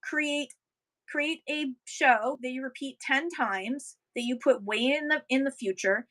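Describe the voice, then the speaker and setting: A woman's voice: high voice, a little slow, a bit bright, poor audio. A woman hosting a casual livestream, reading viewer comments aloud and encouraging sellers with upbeat tips.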